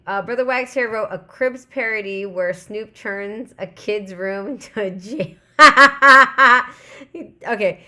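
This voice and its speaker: A woman in her thirties hosting a live stream, chatting casually and reading viewers' comments aloud. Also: mid-range voice. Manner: rambling, chatty, reads chat aloud. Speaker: livestream host.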